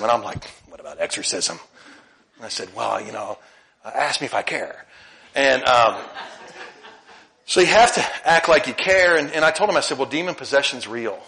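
Male pastor, middle-aged, bright forceful tone, lively sermon delivery with loud and quiet swings. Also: mid-range voice. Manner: animated preaching, swings between loud emphasis and soft asides.

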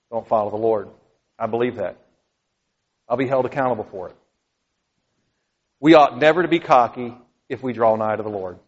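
A middle-aged man preaching a sermon as pastor, earnest, moving from quiet pleading to loud excited emphasis. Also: medium pitch. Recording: dull sound with long hall reverb.

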